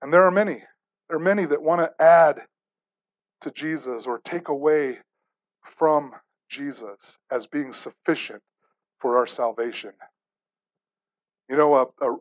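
A man's voice: medium pitch, muffled recording. A man preaching a sermon as pastor, repeating rhetorical questions and restarting words with stammers.

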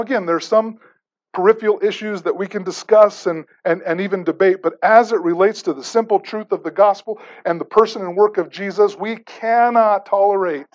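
Male pastor, high-pitched, preaches with repeated rhetorical questions and stammered restarts; dull lo-fi sound. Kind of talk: sermon.

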